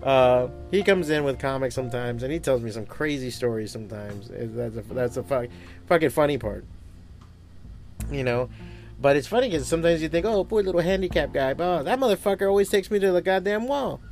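A man who owns a comic book shop, talking in a casual podcast monologue, swearing often and rambling through animated stories. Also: medium pitch, a little fast, gravelly, faint music behind. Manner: profane, rambling, animated storytelling.

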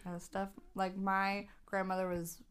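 A woman co-hosting a casual chat, joining in with chatty, quick remarks. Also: mid-range voice, monotone, clear, resonant tone.

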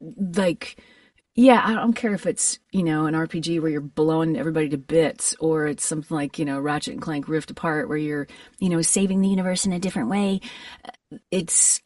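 A low-voiced woman from Alabama talks about her career in an earnest, animated way. Her voice sits a little back from the mic in a dry room. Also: no echo, recorded from a distance. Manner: earnest, animated, quick bursts of enthusiasm. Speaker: voice actor guest. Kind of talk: reflective interview chat. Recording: voice a bit away from the mic, dry.

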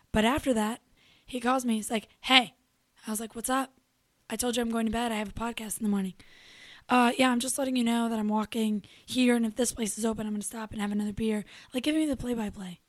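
A young adult woman co-hosting a show, telling a story in casual chat, animated and profane, acting out what people said. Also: on the high side, brisk, dry recording. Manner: animated, profane, acts out quotes. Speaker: radio show co-host.

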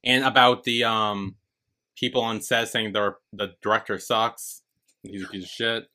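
A man's voice: little pitch movement, measured pace, pushed and bright. A man co-hosting a podcast, chatting casually and animatedly about a drama's finale, swearing freely and acting out the characters' lines. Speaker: podcast co-host. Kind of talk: casual recap chat. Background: squeaky chair.

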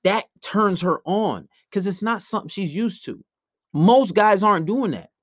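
A man's voice: high voice, lively intonation, a little slow, no room sound, clean studio sound. A young man talking bluntly and brashly in a casual monologue, acting out quotes as he tells stories.

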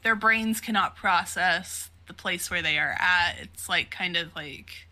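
A woman's voice: fairly low pitch, measured pace, bright, forceful tone. A woman co-hosting a podcast, chatting casually as she recaps a manga, swearing freely and full of fillers like "like" and "um". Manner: swears freely, retells scenes while acting out the characters' lines; filler-heavy, laughs often. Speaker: podcast co-host.

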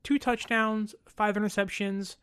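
A woman's voice: mid-range voice, steady tone, measured pace, a bit bright, clear, resonant tone. Exasperated woman ranting about football. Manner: exasperated, slangy, repeats herself for emphasis. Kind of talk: heated sports commentary rant.

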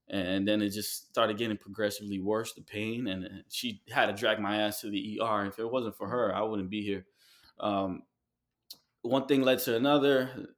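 A man from New York City, a guest in an interview, telling a personal story in a heartfelt, halting way with many fillers and restarts. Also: on the low side, a bit bright. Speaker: guest artist.

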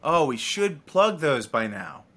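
Playful, lively-voiced podcast co-host. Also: male voice, fairly high pitch, slightly rough. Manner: playful, quick to riff and joke. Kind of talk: casual podcast chat.

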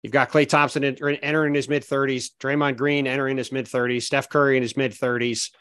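A man co-hosting a sports podcast, talking through basketball in a measured, analytical way that is full of "I mean" and "look". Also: mid-range voice, level tone, fairly bright tone, clear, resonant tone, no echo. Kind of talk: casual basketball chat.

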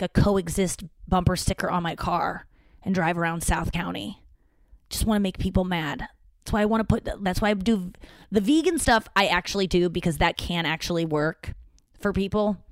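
A woman's voice: on the low side, no room sound, studio quality. A woman hosting a podcast, talking in a casual, rambling, self-deprecating way and swearing now and then. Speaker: podcast host. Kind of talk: casual solo monologue.

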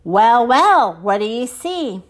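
An impatient little alien captain barking orders from his ship, as a woman reading aloud puts him on. The voice is close to her own, high and lively, slow-paced. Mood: brusque.

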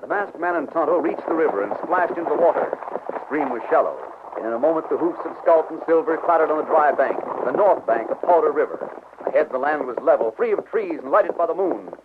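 A man's voice: fairly high pitch, expressive, brisk, background noise. A man narrating an old radio western in a stirring, declamatory way. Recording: tinny old radio with music.

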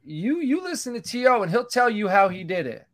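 A man's voice: high-pitched, big pitch swings, a little fast. A man co-hosting a sports podcast in casual chat, emphatic and repeating words for stress. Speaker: podcast co-host.

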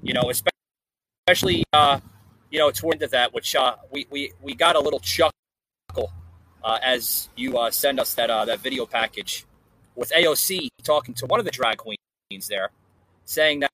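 A man hosts a casual political podcast, his voice bright and a little husky. He talks with many fillers and restarts, sounding hesitant as he searches for his words. He is recording outdoors on a porch. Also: medium pitch, moderate pace, pauses often, rough recording. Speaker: podcast host. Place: outdoor porch in a hot climate.

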